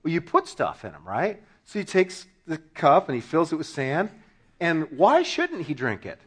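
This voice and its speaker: A man preaching a sermon to his congregation, telling funny stories with sudden shouted punchlines and laughing along. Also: on the high side, huge pitch swings, moderate pace, slight background noise. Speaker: pastor.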